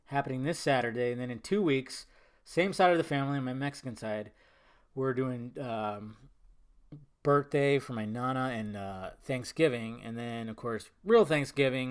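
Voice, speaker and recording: A young man hosting a casual solo podcast, swearing freely and swinging between low mumbled asides and loud, exasperated outbursts. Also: smooth. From Southern California. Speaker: podcast host.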